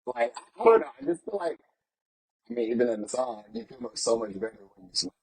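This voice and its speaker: A man talking as a guest in a casual chat, upbeat and animated, often repeating himself. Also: medium pitch, quick pace, gravelly, husky, low-quality recording.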